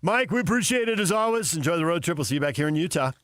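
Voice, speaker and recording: A man's voice: on the high side, expressive, rapid-fire, fairly bright tone, dry recording. A man hosting a morning sports talk radio show, telling stories in a chatty, joking way. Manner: chatty storyteller, laughs often.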